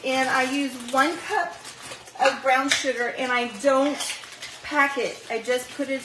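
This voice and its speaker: A woman hosts a live baking stream from her home kitchen, chatting easily with her viewers. Her voice sits a little high, with lots of ums and asides. The kitchen echoes around her and a faint hiss sits underneath. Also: steady tone, unhurried, far from the mic. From Southern California. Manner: chatty, greets viewers by name, many fillers. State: out of breath after running stairs. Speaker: channel host baking live. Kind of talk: casual live-stream cooking demo.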